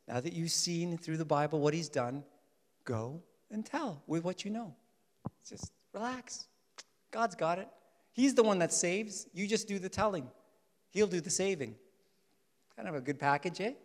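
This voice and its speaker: A male pastor preaching a sermon, swinging from loud declarations to soft, quiet urging. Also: a little high. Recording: long hall reverb.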